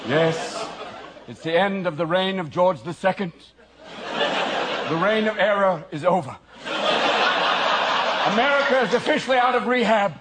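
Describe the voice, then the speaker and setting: High-voiced man doing rowdy stand-up. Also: animated, normal speed, long pauses. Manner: high-energy, shouting, mocking. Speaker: stand-up comedian. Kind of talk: live stand-up set. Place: large live venue with audience. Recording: loud crowd in noisy live venue.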